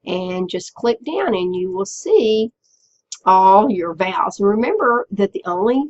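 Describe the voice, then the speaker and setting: A woman teacher walking students through a software tutorial step by step, patiently checking in with them as she goes. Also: medium pitch, expressive, a little slow, muffled recording. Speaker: Spanish teacher. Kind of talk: screen-recorded software tutorial.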